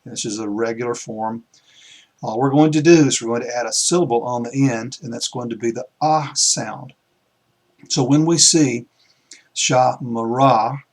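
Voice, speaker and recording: A man teaching a recorded lecture, explaining patiently with pauses and small restarts as he writes. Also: medium pitch, slightly rough.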